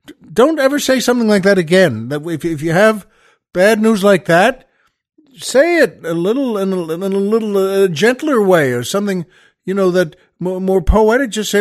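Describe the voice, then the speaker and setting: A man's voice: high-pitched, expressive, moderate pace. A man hosting a podcast, telling jokes in a rambling, chuckling way with many restarts and fillers. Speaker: podcast host. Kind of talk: casual joke telling.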